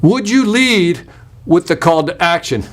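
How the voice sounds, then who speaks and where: A man's voice: high-pitched, unhurried. A man hosting a live sales webinar, talking energetically and emphatically and reading out viewer comments as he goes. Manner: energetic and emphatic, with punchy repetition. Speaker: sales trainer hosting a live online workshop.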